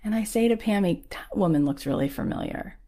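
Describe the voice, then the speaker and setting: A woman's voice: mid-range voice, lively intonation, brisk, warm tone. A woman telling a personal story in a casual, chatty way, full of "like" and acted-out quotes of other people. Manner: chatty, peppered with "like"; acts out the people she quotes. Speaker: guest sharing a personal story.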